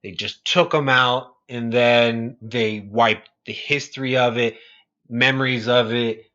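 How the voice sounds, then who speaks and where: A man co-hosting a podcast in casual chat, an animated storyteller who acts out scenes and swears freely. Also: medium pitch, slow pace, muffled recording. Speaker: podcast co-host.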